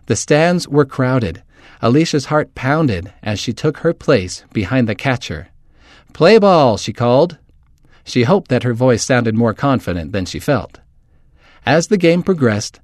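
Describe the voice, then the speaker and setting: A man's voice: normal speed, no room sound. Man reading a story in a dry voice. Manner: steady storytelling, lifts pitch for quoted voices. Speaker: reader. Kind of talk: story read aloud.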